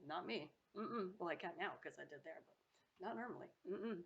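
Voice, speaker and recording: A woman with a low, gravelly voice talks over her cooking footage, chatty and playful. She speaks straight to her viewers and hums her approval as she tastes. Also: lively intonation, fairly quick, muffled recording. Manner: hums approval while tasting. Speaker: home cooking vlogger. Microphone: home microphone.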